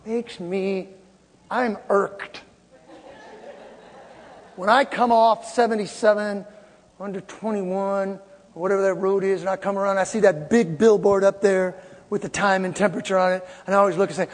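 A woman's voice: medium pitch, fairly even intonation, normal speed, long pauses. A woman in her sixties preaching an emphatic, exhorting sermon to her congregation. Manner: emphatic, exhorting, breaks into loud laughter and shouts. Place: church sanctuary with congregation. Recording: long hall reverb with congregation murmur.

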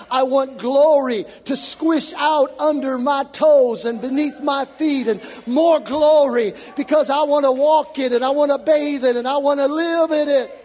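A man's voice: very high voice, darkish tone. A man preaching a sermon as a worship leader, impassioned and emphatic. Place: church sanctuary. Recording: long reverb of a large hall.

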